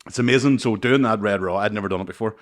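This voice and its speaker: Male comic host, low voice, loose sweary storyteller. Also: racing. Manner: swears freely, animated anecdotes. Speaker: comedian podcast host. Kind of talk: casual storytelling chat.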